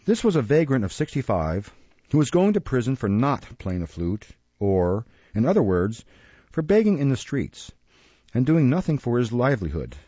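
A man reading a classic novel aloud as an audiobook narrator in a measured way. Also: medium pitch, sing-song, mellow, breathy edge, no room sound, dull audio. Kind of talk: scripted narration.

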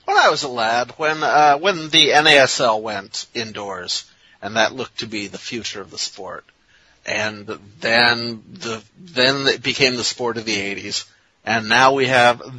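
A man co-hosting a soccer talk show, speaking in a rambling, halting, wry way with lots of restarts. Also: mid-range voice, sharp tone, husky, no echo, low-quality recording. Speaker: soccer podcast co-host. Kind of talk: casual sports talk.

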